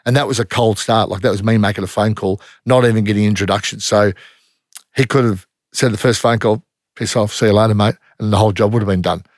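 A man's voice: fairly low pitch, steady tone, quick pace, no room sound, studio quality. A middle-aged man with an Australian accent, a former undercover police officer telling stories in a casual interview, blunt and matter-of-fact with plenty of slang.

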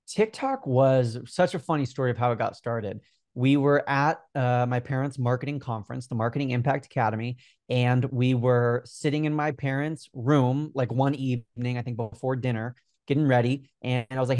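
A young man in his twenties, a podcast guest talking about his work in an energetic, earnest way, with many fillers. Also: medium pitch, moderate pace, dry recording, clean studio sound. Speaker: guest, Instagram growth coach. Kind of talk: casual interview talk.

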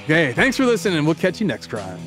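A man's voice: a little high, fast talker, loud music behind the voice. A man co-hosting a podcast, telling a story in a joking, casual way. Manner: joking, lively storytelling with laughs. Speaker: podcast co-host. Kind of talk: casual chat.

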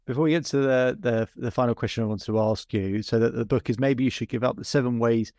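A male podcast host with a gravelly, creaky voice, speaking reflectively and drifting into storytelling. The sound is close and dry, and he sometimes stumbles and restarts mid-thought. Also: medium pitch, fairly even intonation, quick pace, a little mellow, no echo. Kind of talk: podcast interview.

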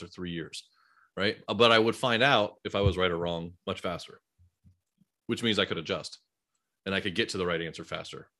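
A man co-hosting a casual podcast conversation, a parent with a business background who tells animated stories and uses lots of fillers. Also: low voice. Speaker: podcast host.

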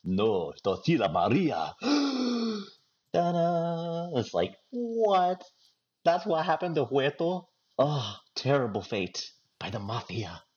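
A man hamming up a melodramatic telenovela star who gasps and wails through every twist. The voice swoops high, well above the man's own low, slightly dull-sounding recording. It is broad, exaggerated soap-opera emoting. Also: sing-song, slow, a little mellow. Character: melodramatic telenovela actor, overwrought.

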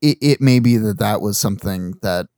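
A man's voice: on the low side, normal speed, warm tone, no room sound. A man co-hosting a podcast, casually recapping movie plot points with easy laughs and fillers. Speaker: podcast co-host.

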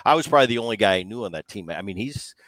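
Lively middle-aged man telling stories. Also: fairly low pitch, rapid-fire, dry recording. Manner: animated storyteller, mimics others in quotes. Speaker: podcast host, former ballplayer. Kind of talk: casual sports podcast chat.

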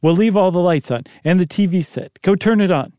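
A man's voice: high-pitched, a little fast, dark tone, no echo, clean studio sound, voice pushed up, close to an everyday voice. A man reading the part of an urgent, commanding father who barks orders, in a story read aloud.

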